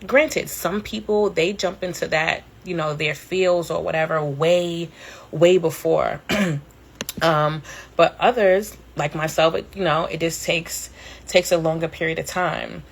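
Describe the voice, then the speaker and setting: Candid husky-voiced woman in her thirties. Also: low voice, steady tone, measured pace. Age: 30s. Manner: candid, rambling, fillers and swearing. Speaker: podcast host. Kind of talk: casual storytelling on a live stream.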